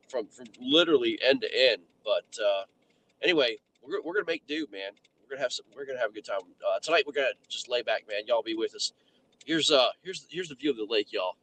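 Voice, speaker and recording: A man co-hosts a fishing livestream on his phone from a car parked near a lake. He rambles easily and fills his pauses with "uh" and "man", with some vehicle sound behind him. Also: medium pitch, fairly bright tone. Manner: easygoing, rambling, many fillers. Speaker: podcast co-host. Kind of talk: casual livestream chat.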